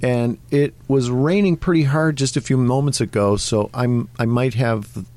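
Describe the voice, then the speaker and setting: A man's voice: mid-range voice, a little slow, darkish tone. A middle-aged man, an actor and comedian, chatting as a guest on a radio interview and telling rambling, jokey anecdotes. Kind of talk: casual radio interview storytelling.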